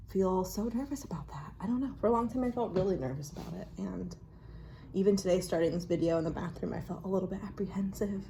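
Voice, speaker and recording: A woman chatting casually and reflectively in her bathroom while drawing oracle cards, often dropping to a hushed voice. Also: fairly low pitch, a little hiss or hum. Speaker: vlogger reading oracle cards. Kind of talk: casual rambling chat. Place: home bathroom.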